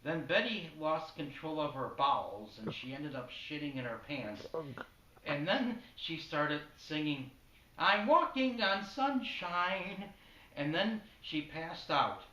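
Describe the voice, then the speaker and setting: A man tells a spoken-word story in a flat, matter-of-fact way. His voice is fairly high with a bright edge. It is heard from a distance in an echoey room. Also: unhurried, slight background noise.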